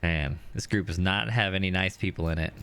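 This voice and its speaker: Bright-voiced man running a tabletop game. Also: deep voice, brisk, clean tone. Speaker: game master.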